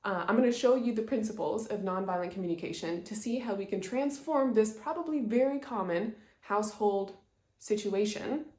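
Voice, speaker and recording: A woman's voice: mid-range voice, moderate pace, darkish tone. A woman presenting an instructional talk, earnestly explaining ideas through example stories. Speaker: presenter teaching communication skills. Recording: echoey room.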